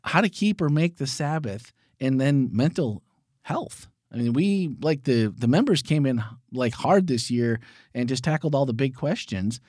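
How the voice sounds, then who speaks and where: A man's voice: mid-range voice, moderate pace, no room sound, clean studio sound. A man hosting a casual podcast, playful and chatty, welcoming a guest. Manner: animated, playful, jokes and mock voices. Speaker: podcast host.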